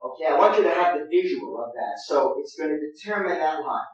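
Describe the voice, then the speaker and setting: A man's voice: fairly high pitch, animated, a little fast. A man teaching an acting master class, giving directions and demonstrating lines aloud. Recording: echoey room, distant mic, dull sound.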